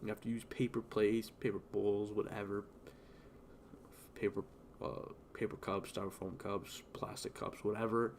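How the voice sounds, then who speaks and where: A young man with a fairly low voice rambles on casually as he streams, swearing and restarting his sentences. A faint hum of ambience sits under his talk. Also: little pitch movement, moderate pace. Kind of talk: casual rambling chat while gaming.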